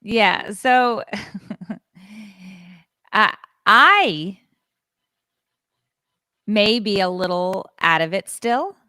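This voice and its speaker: A woman co-hosting a podcast, telling a story in a frank, animated, self-deprecating way. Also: mid-range voice, very slow, long pauses, no echo, clean studio sound. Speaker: podcast co-host. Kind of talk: casual chat.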